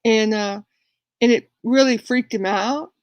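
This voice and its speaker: Speaking at a measured pace in a voice on the high side, a woman hosting a livestream rambles through a story for her viewers, often restarting. She's chatty and retells the argument by acting out both sides, and the audio is dull with no room sound.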